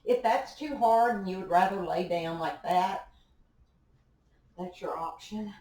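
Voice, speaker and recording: Unhurried and a little mellow, her medium-pitched voice guides a home workout class. The young fitness instructor exercises along and offers encouraging cues from an indoor room. It was recorded on a distant camera mic, leaving an echoey sound.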